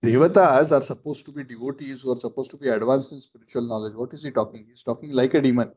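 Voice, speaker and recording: A man's voice: medium pitch, steady tone, fast talker, darkish tone. A man teaching a scripture class, telling the story with acted quotes and asides, on a dull lo-fi recording.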